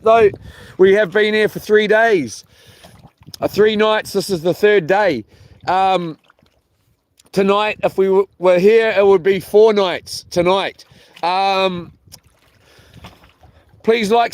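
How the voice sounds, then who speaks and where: A man chatting to camera while fishing from a boat, rambling and playful. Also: sits high. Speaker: fishing vlogger. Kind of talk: casual chat to camera. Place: outdoors on a boat at sea.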